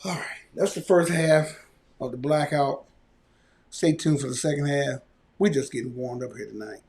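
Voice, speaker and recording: A man hosting a live podcast, ranting loudly and mockingly. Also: medium pitch, moderate pace. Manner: loud, animated ranting with mocking quoted voices. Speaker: podcast host.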